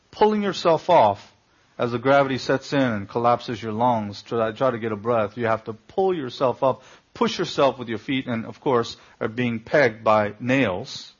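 In his sermon, a male pastor pushes forcefully on key words and challenges the congregation with pointed rhetorical questions. His gravelly, husky voice is medium in pitch, and the recording quality is dull and lo-fi.

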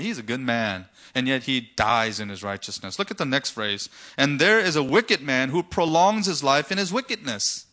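A man's voice: fairly high pitch, pushed and bright. A man preaching a sermon, asking rhetorical questions and retelling scripture stories dramatically. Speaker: pastor.

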